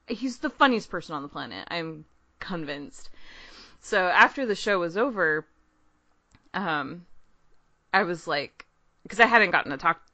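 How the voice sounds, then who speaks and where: Bright-voiced woman telling an excited story. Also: mid-range voice, dry recording. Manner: excited, rambling storytelling with frequent laughter. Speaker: podcast co-host. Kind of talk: casual chat.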